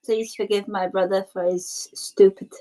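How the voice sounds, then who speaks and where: A woman's voice: medium pitch, little pitch movement, measured pace, warm tone, natural voice, rough recording. A woman voicing the youngest child, prim and scolding, in a tabletop game.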